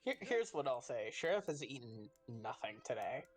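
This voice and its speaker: A man's voice: medium pitch, big pitch swings, moderate pace, faint music behind. A man playing a tabletop game, talking bluntly with lots of swearing and jokes. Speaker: player.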